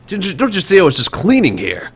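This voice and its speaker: A man's voice: high-pitched, wildly swooping pitch, quick pace, crowd noise, pitched above the performer's own voice. A man doing an indignant male barkeeper. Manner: protesting, indignant questions.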